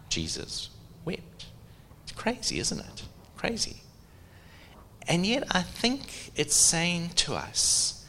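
A middle-aged man preaching a sermon, animated, asking the audience questions. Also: fairly low pitch, creaky, slight background noise.

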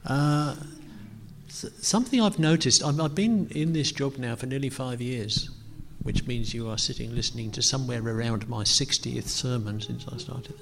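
A middle-aged male pastor gives a relaxed sermon, hesitating often with ums and gently poking fun at himself. His voice sits at an ordinary pitch with a gravelly edge. A long reverb trails off the walls of the church hall. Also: normal speed, slight background noise. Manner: hesitant, self-deprecating, frequent ums. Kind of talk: conversational sermon.

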